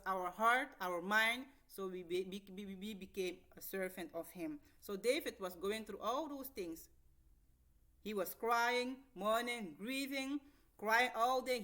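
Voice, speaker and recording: Halting woman teaching scripture. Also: mid-range voice, fairly bright tone. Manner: halting, with frequent restarts and repeated words; reads scripture aloud, then retells it in plain words. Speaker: bible teacher. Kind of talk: informal bible teaching.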